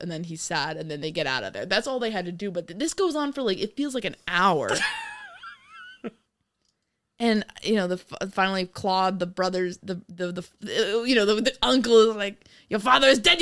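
A woman co-hosting a podcast, chatting casually about a movie, animated and profane, often laughing. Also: mid-range voice. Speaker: podcast co-host. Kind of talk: casual movie review chat.

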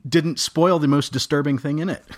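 A man chatting casually as a podcast panelist, halting often with fillers and soft chuckles. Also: on the high side, fairly even intonation. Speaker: guest panelist. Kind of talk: casual chat.

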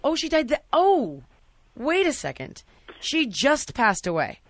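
A woman in her thirties hosting a call-in advice show, talking gently and soothingly to a caller she calls sweetie. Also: high voice, wildly swooping pitch, a little slow, no room sound. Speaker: host.

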